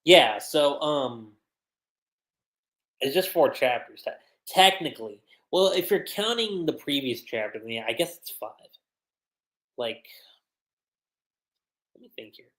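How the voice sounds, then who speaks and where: A woman's voice: low-pitched, expressive, unhurried, fairly bright tone. A woman giving a casual, slangy livestream review that recaps an anime episode, with plenty of "like"s. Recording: roomy echo.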